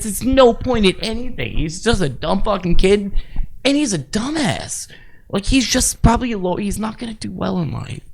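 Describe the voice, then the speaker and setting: This podcast co-host swears his way through long, wandering anecdotes in lively, casual talk. His voice sits high and creaky, he speaks fairly quickly, and there's slight background noise.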